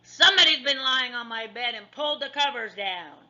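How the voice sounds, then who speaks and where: Woman playing a gruff, booming father bear for a storybook; bright, lively tone, dull lo-fi sound. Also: a little fast. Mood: grumpy. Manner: growling, booming. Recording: dull lo-fi recording.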